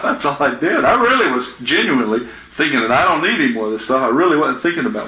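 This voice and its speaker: A man's voice: mid-range voice, lively intonation, fairly quick, pushed and bright, a little hiss or hum. A man giving informal Bible teaching in a chatty, anecdotal way, often laughing. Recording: echoey room with faint ambience.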